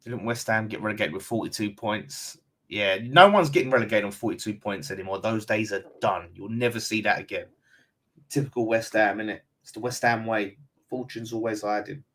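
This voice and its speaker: Reading viewer comments on a relaxed fan live stream, a man with a London and Essex accent is blunt and chatty and calls everyone mate. He speaks at a medium pitch with a fairly bright tone.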